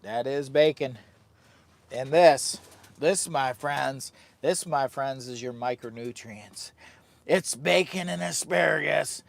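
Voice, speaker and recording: A man chatting live to his viewers while camping, in no hurry at all, drifting from jokes to asides to teasing his dog. His voice has a gravelly, rough edge, and he rambles in a loose, easygoing way. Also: mid-range voice, takes it slowly, dry recording. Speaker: livestreaming camper and channel host. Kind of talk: casual live-stream chat. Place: tent at a campsite.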